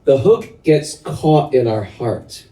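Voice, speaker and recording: Animated middle-aged man giving a devotional talk. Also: medium pitch, slow. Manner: animated storyteller who asks the audience questions. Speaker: spiritual teacher leading kirtan. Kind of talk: devotional talk to a live group. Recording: echoey room, mic at a distance.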